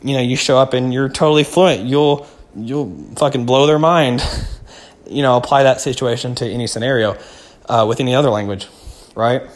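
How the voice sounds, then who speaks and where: A young man from the United States hosting a casual solo podcast, laid-back and slangy, often calling the listener "man" or "dude". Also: medium pitch. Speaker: podcast host.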